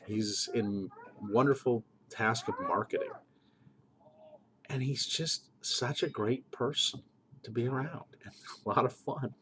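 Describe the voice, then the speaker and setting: A man's voice: mid-range voice, measured pace, noisy background. A middle-aged man and game master, talking earnestly in a preachy monologue and repeating phrases for emphasis.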